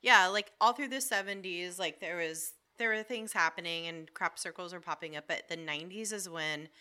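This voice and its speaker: A woman's voice: fairly low pitch, normal speed, sharp tone. A young woman co-hosting a podcast, telling a story in a rambling, filler-heavy way. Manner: rambling, many fillers and restarts. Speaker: podcast co-host. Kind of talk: casual chat.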